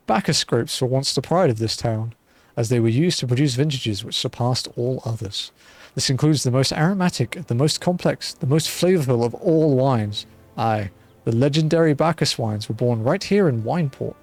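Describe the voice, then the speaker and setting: A man's voice: medium pitch, a little mellow, no echo, lightly acted. A man doing a genteel blind ex-mercenary wine merchant. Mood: wistful. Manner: genteel, courteous, old-fashioned formal speech. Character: blind retired male mercenary turned wine merchant, refined and observant. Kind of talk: reading game dialogue aloud.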